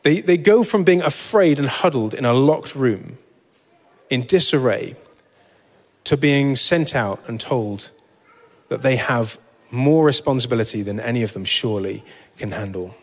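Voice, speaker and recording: Brief: male preacher, mid-pitched, informal Bible reading, long church-hall reverb. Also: lively intonation, a little slow. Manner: informal and self-deprecating, with fillers and asides.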